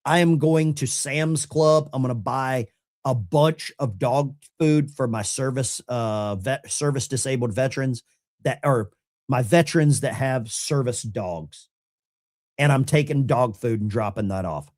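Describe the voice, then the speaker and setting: A man hosting a live call-in show, taking callers and chatting casually in an animated, rambling way. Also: medium pitch, measured pace.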